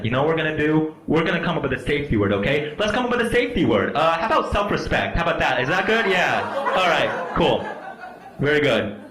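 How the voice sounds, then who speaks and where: A stand-up comic pokes fun at himself and banters with a live audience from a comedy club stage. His voice is on the high side with a fairly bright tone, and the club recording is echoey and full of audience laughter.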